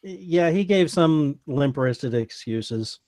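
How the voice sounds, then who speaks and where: A man chimes in during a casual sports chat with quick wisecracks. His voice sits high for a man. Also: lively intonation, mellow, dry recording, studio quality.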